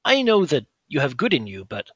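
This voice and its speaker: A man voicing a calm, curious older brother with an arcane mind, who asks his questions in an earnest, measured way. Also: a little high, no echo, voice pushed up, exaggerated voice.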